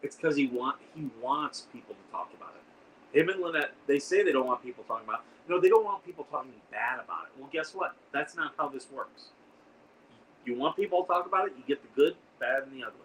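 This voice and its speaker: A man talks loosely on his livestream, wandering from point to point and stopping to answer what viewers write. His voice sits at an everyday middle pitch. He is heard from a little way off the mic, with a faint hiss of background noise. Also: expressive, fairly quick, a bit bright, recorded from a distance, rough recording. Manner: rambling, reads and answers viewer comments. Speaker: livestream host. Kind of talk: casual livestream chat.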